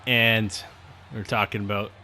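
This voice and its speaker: A young man with a bright, forceful voice chats loosely over his hockey gameplay, drifting between rants and sudden excited whoops. A faint hiss of noise sits under his voice. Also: fairly low pitch, a little slow. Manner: rambling, chatty, bursts of excitement at saves. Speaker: gaming commentator. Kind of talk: casual gameplay commentary.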